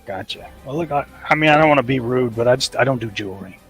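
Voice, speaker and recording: Fast-talking man player, blunt. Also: mid-range voice, a bit bright, soft background music. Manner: blunt, wary questioning. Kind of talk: in-character tabletop play.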